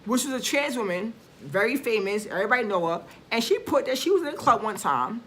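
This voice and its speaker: A woman speaks straight to her viewers in a loose, unscripted rant. Her voice is bright and forward, and she leans hard on her points with swearing and sudden emphasis, often stopping to restart a thought. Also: a little high, expressive, brisk. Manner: blunt, emphatic and profane, often trailing off and restarting. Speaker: vlogger. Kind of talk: casual rant to camera.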